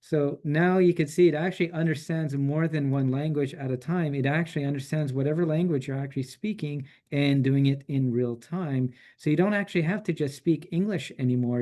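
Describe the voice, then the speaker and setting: A man presenting a software tool in a relaxed, chatty way, with frequent fillers and restarts. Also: a little high, normal speed, few pauses. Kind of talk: casual software demo.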